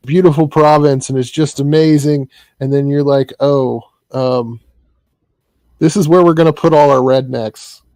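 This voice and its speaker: A male host with a mellow, dark tone talks slowly in a dry, close sound. He keeps it laid-back and joking, pausing on ums as he thinks. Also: on the high side, no room sound. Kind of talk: casual interview chat.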